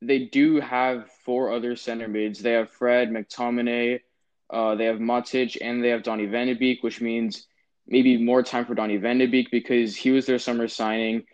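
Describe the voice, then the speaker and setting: A man's voice: medium pitch, little pitch movement, normal speed. A young man co-hosting a casual sports podcast, giving opinions with lots of ums and restarts. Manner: opinionated, hesitant with many fillers. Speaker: podcast co-host. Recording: dull lo-fi sound.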